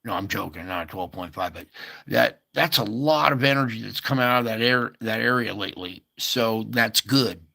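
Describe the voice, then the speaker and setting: A man's voice: fairly low pitch, moderate pace, vocal fry, bright, forceful tone. A man hosting a casual earthquake update, thinking aloud over maps with many fillers and asides. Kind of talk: casual screen-share commentary.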